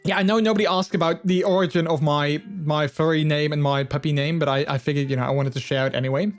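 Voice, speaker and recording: A young man streaming live and chatting with his viewers. His voice sits slightly high, and his talk rambles playfully with frequent laughter and fillers. Faint music plays in the background. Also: fairly even intonation, quick pace. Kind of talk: casual chat with stream viewers.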